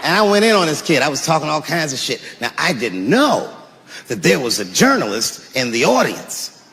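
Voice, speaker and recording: A man performing a stand-up comedy set, telling stories with animated delivery and bursts of shouting. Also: fairly high pitch, moderate pace, creaky, long reverb tail, slight background noise.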